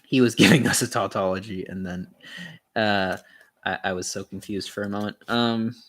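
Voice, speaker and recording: A young man reading a philosophy text aloud in a casual way, pausing often with ums and restarts and adding wry, sarcastic asides. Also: on the low side, steady tone, fairly bright tone. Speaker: channel host reading aloud.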